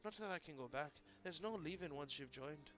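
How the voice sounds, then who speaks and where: A man's voice: on the high side, expressive, a little fast, fairly bright tone. A man doing a stammering young sailor, pirate accent. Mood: flustered. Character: nervous young male apprentice sailor. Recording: dull lo-fi stream audio, faint game music.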